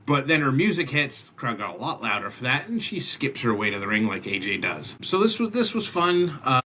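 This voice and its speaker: A man's voice: mid-range voice, sing-song, fairly quick, bright, forceful tone, husky. A man hosting a casual wrestling recap podcast, talking animatedly and often restarting his sentences. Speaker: wrestling show recap host.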